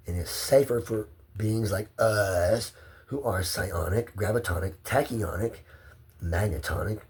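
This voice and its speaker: Gravelly man rambling to camera. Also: lowish voice, darkish tone. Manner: rambling, profane, emotionally volatile. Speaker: vlogger. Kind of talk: rambling personal monologue to camera.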